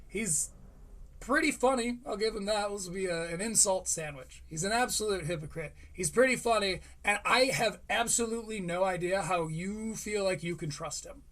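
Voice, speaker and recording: A man's voice: high-pitched, normal speed, fairly bright tone. A man hosting a live stream, reviewing a podcast in a heated, sarcastic rant.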